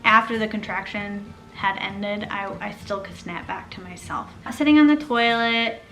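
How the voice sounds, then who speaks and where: A young woman casually telling her own birth story, chatty and animated, acting out what others said. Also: mid-range voice, normal speed, soft background music. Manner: chatty, animated, acts out quoted speech.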